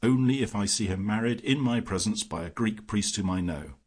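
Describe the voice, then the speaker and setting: A man's voice: fairly low pitch, fairly quick, darkish tone, lightly acted. A man reading as a starving, indignant Greek male prisoner who answers curtly. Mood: defiant. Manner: indignant, curt.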